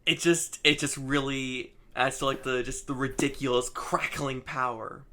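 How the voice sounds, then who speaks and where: A man co-hosting a casual comic book chat, recapping in a halting way full of fillers. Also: medium pitch, fairly even intonation, bright, forceful tone. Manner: halting, lots of fillers and laughs. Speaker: comic book podcast co-host.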